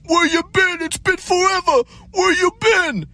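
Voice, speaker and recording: A man's voice: very high-pitched, measured pace, sharp tone, voice pushed up, heavily acted. A man voicing an overfamiliar older male passerby in a jovial, exaggerated greeting. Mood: overfriendly.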